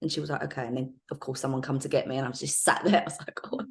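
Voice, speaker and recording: A middle-aged woman in a podcast interview, telling anecdotes in a lively casual way with frequent laughs and fillers. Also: extremely low pitch, rapid-fire. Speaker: guest, former undercover police officer.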